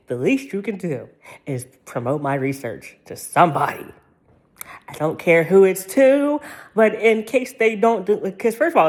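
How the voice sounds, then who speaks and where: An American woman ranting in a vlog, profane and rambling, laughing through her anger. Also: lowish voice. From United States. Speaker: vlogger.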